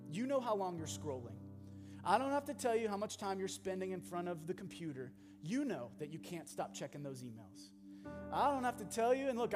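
A male pastor preaching a sermon, animated, swinging from loud bursts to hushed asides. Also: on the high side. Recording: long hall reverb with music behind.

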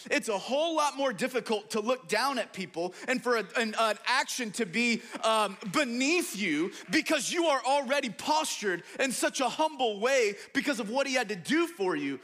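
A young man preaching a sermon as pastor, emphatic, swinging between loud declarations and hushed asides. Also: extremely high pitch.

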